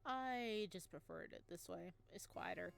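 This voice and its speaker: A woman voicing a withdrawn young male shop assistant who speaks tersely and flatly. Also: sits high, unhurried, vocal fry, faint music behind, pitched below the performer's own voice, full character voice. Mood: aloof. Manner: flat, terse and quiet.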